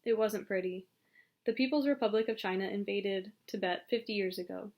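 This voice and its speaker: A woman narrating an audiobook in a calm, even storytelling manner. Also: mid-range voice, brisk. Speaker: audiobook reader.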